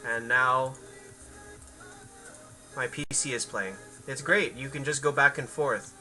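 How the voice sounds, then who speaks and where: A man streaming games who talks in a loose, rambling way, answering chat as he plays. His voice is very bright and sharp-edged. Faint music plays under him. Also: mid-range voice, fairly even intonation, slow pace, poor audio. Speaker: game streamer. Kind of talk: casual livestream chat.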